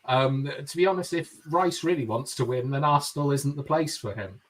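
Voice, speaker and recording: A man's voice: mid-range voice, moderate pace, far from the mic, a little hiss or hum, rough recording. A man hosting a casual live football fan show, reading out viewer comments with jokey asides. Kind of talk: casual live-stream chat.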